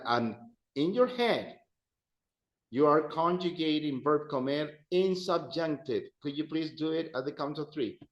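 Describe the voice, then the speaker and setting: Patient teacher in a roomy classroom. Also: male voice, on the high side. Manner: patient, encouraging, drills conjugations aloud with students. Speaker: Spanish teacher. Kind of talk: adult-education language lesson. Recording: roomy, dull classroom sound.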